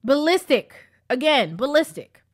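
A woman's voice: sits high, sing-song, a little slow. A woman telling a personal story in a casual, preachy way, repeating points for emphasis.

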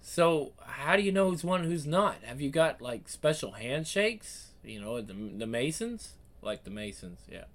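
A crude, drunk young lad fires off blunt, pushy questions, as a man voices him. The voice swings lively in pitch, casual and rough-edged, in a comic-book reading. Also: unhurried, few pauses. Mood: brash.

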